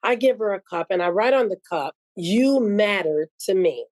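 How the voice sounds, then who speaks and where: An earnest woman tells heartfelt stories in a casual podcast chat and acts out the back-and-forth of what was said. Her voice sits at a middling pitch. It sounds dry and close, with no room around it. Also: expressive, normal speed, a little mellow, dry recording. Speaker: guest, spice shop owner. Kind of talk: casual storytelling conversation.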